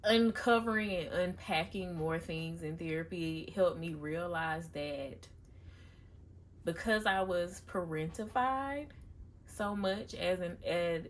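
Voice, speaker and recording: A woman's voice: fairly low pitch, takes it slowly. A young woman talking candidly and confessionally in a casual personal vlog, chatting to her viewers. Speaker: vlogger.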